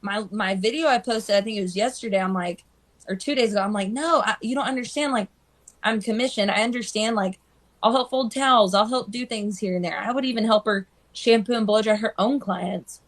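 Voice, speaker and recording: A woman hairstylist chatting casually on a live stream, telling animated stories and acting out the people she quotes. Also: medium pitch, brisk. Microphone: phone.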